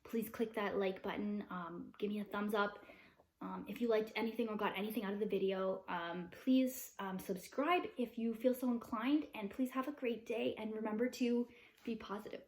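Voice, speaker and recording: A woman's voice: medium pitch, fairly even intonation, normal speed, echoey room. A woman, a mother vlogging, chatting upbeat to camera with plenty of fillers. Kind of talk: casual chat to camera.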